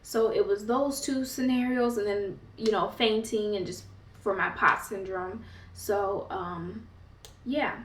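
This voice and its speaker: A woman's voice: mid-range voice, steady tone, slow pace, recorded from a distance, a little hiss or hum. A woman vlogger telling a personal story in a chatty, casual way, peppered with fillers. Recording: roomy, set back from the mic.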